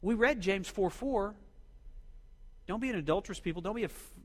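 A man's voice: high-pitched, animated, a little fast, in a large hall. A middle-aged man from Oklahoma, a pastor preaching a sermon and drawing responses from his congregation.

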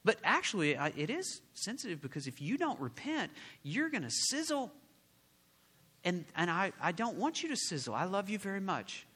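High bright-voiced preacher man, reverberant hall. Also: moderate pace, breathy edge. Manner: animated, asks the congregation questions. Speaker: pastor. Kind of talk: sermon.

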